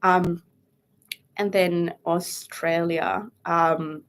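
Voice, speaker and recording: Chatty Chilean woman, slightly low voice. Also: fairly even intonation, drawn-out words. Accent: Chilean Spanish. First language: Spanish. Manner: chatty, laughs often, many fillers. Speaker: guest. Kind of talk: casual interview chat.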